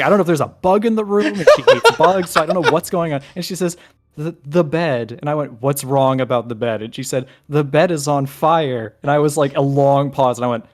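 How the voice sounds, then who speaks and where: A man telling a funny anecdote in casual podcast chat, with lots of swearing. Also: mid-range voice. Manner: animated anecdote teller, swearing. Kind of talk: casual storytelling.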